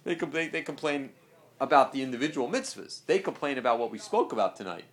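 A man's voice: medium pitch, animated, quick pace. A man teaching a religious class, lecturing emphatically and repeating his key phrases.

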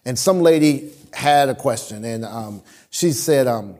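A male pastor preaching a sermon in church, animated, swinging between loud emphasis and quiet asides and often repeating words as he restarts. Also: medium pitch, measured pace, hardly any pauses.

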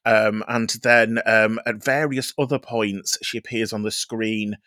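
A man's voice: lowish voice, fairly even intonation, measured pace, pushed and bright, dry recording, clean studio sound. A man guest-reviewing a show on a podcast, rambling and gossipy in casual chat. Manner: rambling, many fillers and restarts, gossipy.

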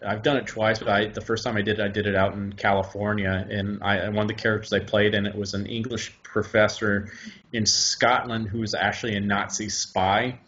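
A man from the American South telling stories in a casual chat, animated and quick to laugh, acting out what people said. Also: lowish voice, lo-fi sound, a little hiss or hum. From Huntsville, Alabama. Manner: animated storyteller, acts out quotes, laughs often. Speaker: stage actor guest.

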